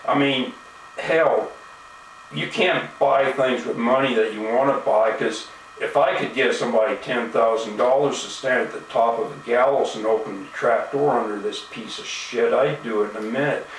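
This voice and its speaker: A video blogger with a mid-range male voice delivers an angry, profane rant at normal speed, packed with indignation and "you know" fillers. The mic is at a distance in an echoey room, with a little hiss or hum.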